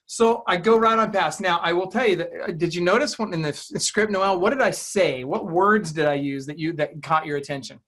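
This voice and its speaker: A man's voice: sits high, fairly quick, hardly any pauses, a bit bright. A man coaching real estate agents in an interview, talking emphatically and acting out client dialogue.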